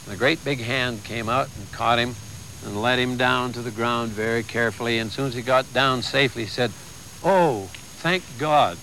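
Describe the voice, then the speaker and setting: A man's voice: medium pitch, fairly even intonation, brisk, sharp tone, a little hiss or hum, poor audio. An older man giving a conversational, folksy sermon with humor and asides.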